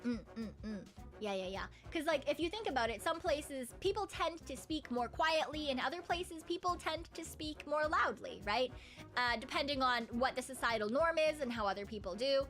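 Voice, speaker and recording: A woman's voice: sits high, expressive, moderate pace, fairly bright tone, soft background music. A woman streamer chatting casually with her viewers, rambling and humming between thoughts. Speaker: live streamer. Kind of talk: casual live-stream chat.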